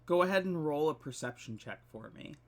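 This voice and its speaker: A man narrating a tabletop game as its game master, with a voice a touch higher than most men. He keeps it chatty and laughs easily between descriptions, all on a desk mic over voice chat. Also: expressive, fairly quick.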